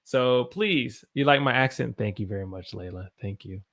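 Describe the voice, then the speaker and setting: A man's voice: mid-range voice, normal speed, a bit bright. A man with an American accent teaching English on a live stream, reading viewer comments aloud and exclaiming about quirks of the language.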